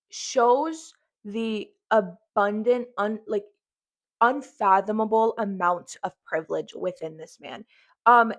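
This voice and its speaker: A woman's voice: medium pitch, takes it slowly. A woman hosting a reaction commentary, ranting angrily with heavy swearing. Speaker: commentary host.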